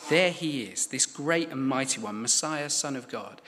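A man preaching a sermon, measured and emphatic, repeating key phrases for weight. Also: medium pitch, animated, fairly bright tone, a little hiss or hum.

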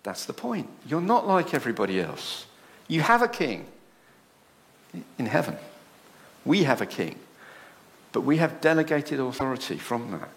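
A male preacher giving a sermon in a church with a lively, rising and falling pitch. He speaks at a middle pitch and keeps putting rhetorical questions to the congregation. When he quotes others, he acts out their voices with a flair for drama.

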